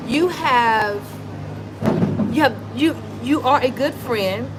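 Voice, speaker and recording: A woman with a slightly high voice speaks slowly over heavy background noise. A wellness vlogger on a live stream, she chats casually and emphatically, addressing her viewers directly.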